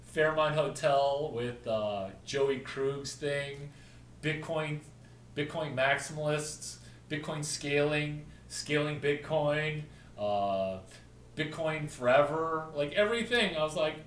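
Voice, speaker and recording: A man's voice: on the high side, slow pace, a bit bright, roomy sound, recorded from a distance, slight background noise, poor audio. Rambling man talking away from the mic. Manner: rambling, jumps between topics, spells out names. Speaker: video host. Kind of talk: rambling casual storytelling.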